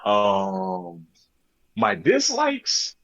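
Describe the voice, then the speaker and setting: Guy talking real slow on a movie podcast, lots of ums, kinda muffled sound. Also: lowish voice, wildly swooping pitch, creaky, fairly bright tone. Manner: slow, hesitant, many "um"s. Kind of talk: casual movie review chat.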